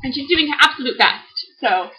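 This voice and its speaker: Woman host, high voice, hammy mock British accent, syrupy formal delivery. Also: animated, brisk, highs cut off, slight background noise. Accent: put-on British accent. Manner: theatrical, overly sweet and formal. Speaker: vlog host, author.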